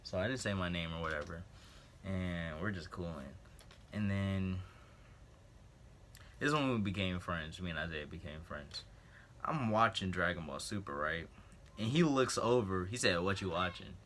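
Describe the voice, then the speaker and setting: A man's voice: low voice, expressive, moderate pace, pauses often, fairly bright tone, slight background noise. A young man in a casual storytime vlog, animatedly telling a story and acting out what others said. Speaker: vlogger.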